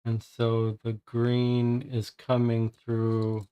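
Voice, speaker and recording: A man's voice: mid-range voice, monotone, drawn-out words, mellow, clear, resonant tone. A man streaming a puzzle game, thinking aloud and muttering in frustration as he works through it.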